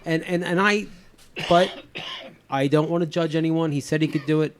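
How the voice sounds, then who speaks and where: A man's voice: on the high side, steady tone, normal speed. A man in his fifties hosting a podcast, chatting casually with lots of fillers and restarts. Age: 50s. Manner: rambling, many fillers and restarts. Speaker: podcast host. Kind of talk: casual chat.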